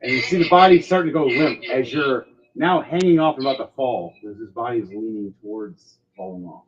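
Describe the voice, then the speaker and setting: Man, game master, animated storytelling, mid-pitched voice, dull lo-fi audio. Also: fairly quick. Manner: lively narration with sound effects. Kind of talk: narrating a tabletop game.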